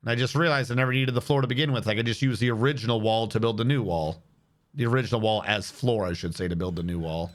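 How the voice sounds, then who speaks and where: A man's voice: fairly low pitch, fast. A man casually thinking aloud as he plays a building game and answers his chat on a stream. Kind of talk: casual gameplay commentary. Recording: game stream with music behind. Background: guitar music.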